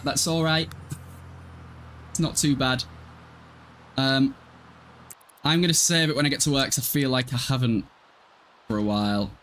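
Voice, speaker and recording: A man's voice: medium pitch, fairly bright tone, a little hiss or hum. A man from Hull chatting casually with his viewers while streaming a game, laughing often and swearing freely. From Hull, East Yorkshire, England. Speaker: gaming livestreamer. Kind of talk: casual gameplay livestream chat.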